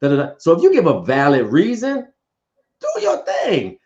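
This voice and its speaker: Man, casual co-host, animated and playful, lo-fi recording. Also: on the high side, moderate pace. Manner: animated, playful, repeats words when excited. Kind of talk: casual relationship talk.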